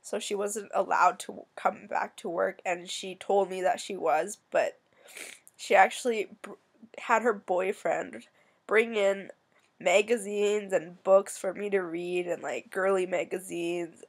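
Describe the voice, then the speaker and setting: A young woman from Canada telling a personal story in a soft, halting, emotional way, with many pauses, near tears. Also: mid-range voice, steady tone, vocal fry, slightly rough. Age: young adult. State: tearful. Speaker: vlogger.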